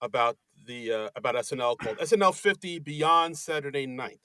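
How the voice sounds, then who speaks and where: A man from New Jersey co-hosting a casual comedy podcast, chatty and laughing often, halting on his words. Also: medium pitch, pushed and bright, no echo. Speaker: podcast co-host.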